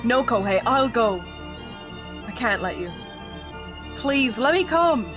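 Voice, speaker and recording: A woman voicing a frightened, fierce young woman in a spooky visual novel, pleading in a high, strained voice. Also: measured pace, music in the background, natural voice. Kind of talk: reading a visual novel aloud.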